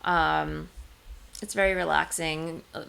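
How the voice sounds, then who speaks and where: A woman's voice: deep voice, steady tone, slow, creaky, a bit bright, clean tone. A woman hosting a knitting video podcast from home, talking casually and rambling with lots of ums and restarts as she shows her crafting gear. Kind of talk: casual show-and-tell vlog. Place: home, seated indoors.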